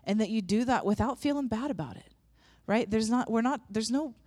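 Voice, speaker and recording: A woman's voice: on the high side, expressive, fairly quick, a little mellow, dry recording. Earnest woman preaching, dry sound. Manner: earnest, conversational, with restarts. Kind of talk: sermon with prayer. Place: church room with audience.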